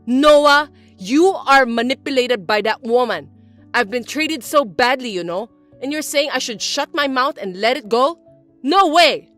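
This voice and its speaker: A woman voicing a scheming, self-pitying older mother-in-law who talks in a shrill, accusing whine. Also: animated, normal speed, a bit bright, faint music behind. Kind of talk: dubbed drama acting.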